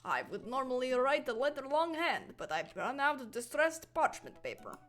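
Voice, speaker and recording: A woman's voice: sits high, sing-song, normal speed, fairly bright tone. A woman voicing a gloomy, formal goth man who loves Victorian things, with a put-on Slavic accent. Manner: stiff, formal diction.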